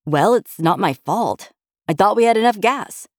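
A woman voicing a calm, teasing young husband and pilot in an offhand, patronizing way in an audiobook. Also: low-pitched, moderate pace, dry recording, clean studio sound. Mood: sheepish. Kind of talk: audiobook character voice.

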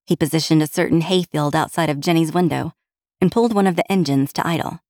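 A woman narrating an audiobook with steady, even storytelling. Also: low-pitched, fast, no room sound, clean studio sound.

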